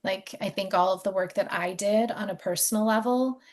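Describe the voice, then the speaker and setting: A woman's voice: medium pitch, fairly quick. A woman in her forties talking reflectively as a podcast guest, chatty and full of fillers. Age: 40s. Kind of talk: casual interview conversation.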